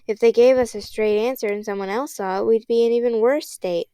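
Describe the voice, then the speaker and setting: A woman's voice: a little high, fairly even intonation, a little fast, dark tone, clear, resonant tone, no echo, natural voice. A woman reading the part of a nervous, bookish young boy who talks hesitantly. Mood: worried.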